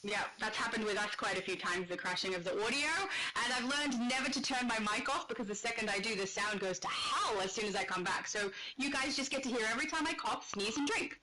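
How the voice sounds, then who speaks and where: A woman's voice: a little high, fairly quick, few pauses, over a noisy crowd, poor audio. A woman co-hosting a casual gaming livestream, chatty and laughing often as she reads chat aloud. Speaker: livestream co-host. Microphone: home streaming microphone.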